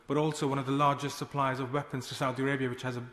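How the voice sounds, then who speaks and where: A man's voice: mid-range voice, level tone, very fast, fairly bright tone. A man making a pointed, questioning intervention in a parliamentary debate. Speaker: member of parliament. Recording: echoey chamber with long reverb.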